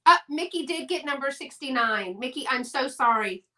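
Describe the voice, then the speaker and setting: Lady doing a live sale stream, kinda high bright voice, chatty n apologetic. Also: animated, normal speed. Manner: chatty, apologetic, gushing over items. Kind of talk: casual live-stream selling.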